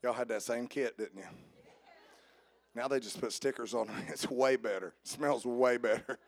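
In church on Easter, a preacher with a gravelly mid-range voice trades soft jokes with the congregation, then swells into loud, long-drawn preaching.

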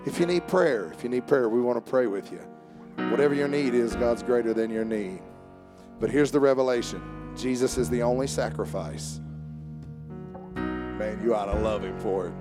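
A man preaching a sermon. He jokes with the congregation and swings from soft asides to raised calls. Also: mid-range voice, normal speed, music in the background. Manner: joking with the congregation. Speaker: pastor. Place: church service with instrument behind.

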